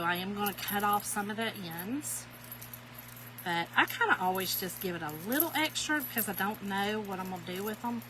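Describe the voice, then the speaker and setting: A middle-aged woman with a mid-range voice hosts a craft tutorial, demonstrating her work while telling a funny story. She's folksy and giggly, calling her viewers y'all, with noise in the background.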